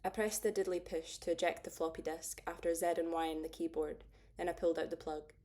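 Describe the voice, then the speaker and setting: A woman narrating a first-person audiobook in a steady, understated way. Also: low voice, fast.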